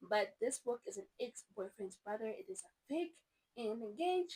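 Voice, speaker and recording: A woman's voice: on the high side, animated, moderate pace, a little mellow, slightly rough, poor audio. A woman from South Africa with a South African accent, chatting casually and gushing through a book review with lots of rambling asides. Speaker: book vlogger.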